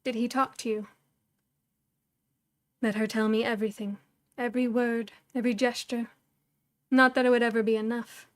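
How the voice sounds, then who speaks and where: A woman's voice: on the high side, fairly even intonation, normal speed, pauses often, dry recording. A woman reading a novel aloud as a storyteller, expressively acting out each character's lines.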